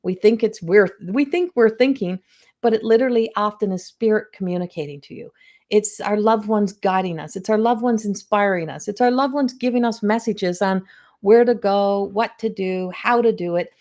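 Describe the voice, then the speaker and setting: Middle-aged woman chatting on a home livestream, mid pitch, animated, keeps acting out what people say. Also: moderate pace. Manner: chatty and animated, acts out quoted voices. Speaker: psychic medium hosting a livestream. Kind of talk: casual livestream talk.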